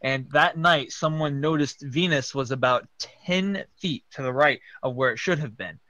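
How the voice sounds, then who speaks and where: A man reading a fan story aloud for laughs, jumping into loud voices for the characters. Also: medium pitch, normal speed, no room sound, muffled recording. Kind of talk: comedic dramatic reading.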